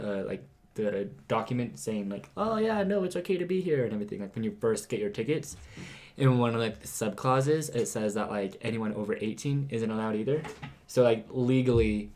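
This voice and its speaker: A man's voice: fairly low pitch, steady tone, moderate pace, a little mellow. A teenage boy co-hosting a casual podcast, telling stories in a rambling way with lots of fillers. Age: teens. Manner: rambling, filler-heavy storytelling. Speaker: podcast co-host. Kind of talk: casual chat.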